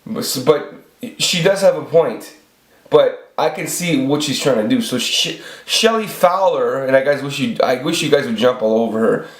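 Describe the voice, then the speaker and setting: A man's voice: mid-range voice, lively intonation, moderate pace. A man in his forties ranting off the cuff on his video channel, rambling and swearing, with many restarts. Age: 40s. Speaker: channel host. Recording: echoey room.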